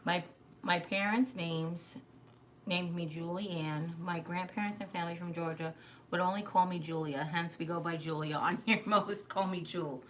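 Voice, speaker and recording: Woman, middle-aged, from New York, live stream host, casual rambling chat, bright tone. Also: fairly low pitch, fairly even intonation, moderate pace, slight background noise. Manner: chatty and rambling, laughs often.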